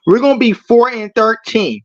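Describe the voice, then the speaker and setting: A man's voice: very high voice, moderate pace, no room sound, dull audio. A man calling in to a fan show, ranting angrily and swearing, repeating himself as he gets worked up. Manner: heated, profane, repeats himself. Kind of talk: angry fan rant.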